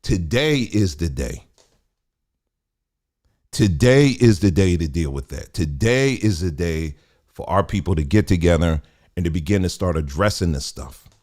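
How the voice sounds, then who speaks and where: A middle-aged man, hosting a casual livestream and talking in an animated, preachy, colloquial way. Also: low voice, unhurried. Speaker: host.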